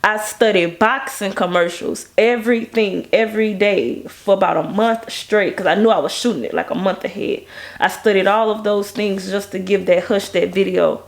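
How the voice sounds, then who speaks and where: Woman, gravelly voice at an ordinary pitch, lively casual interview storyteller. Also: moderate pace. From Baton Rouge, Louisiana. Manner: animated, acts out quoted people in a higher voice. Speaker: music video director.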